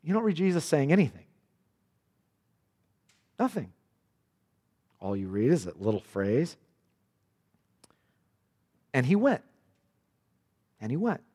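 Impassioned preacher in a reverberant hall. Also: male voice, mid-range voice, very animated, slow, pauses often, slightly rough. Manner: impassioned, with sharp drops to quiet. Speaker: pastor. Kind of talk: sermon.

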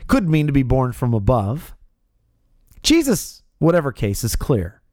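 A man preaching an expository sermon, with emphatic stresses that rise high and drop low. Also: expressive, normal speed, mellow, dry recording, clean studio sound.

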